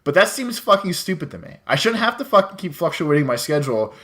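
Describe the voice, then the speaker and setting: Casting note: young male podcast co-host, quick and lively delivery, bright voice, swears freely while venting. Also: on the high side. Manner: ranting, swears a lot, mimics people in quotes. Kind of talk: casual podcast chat.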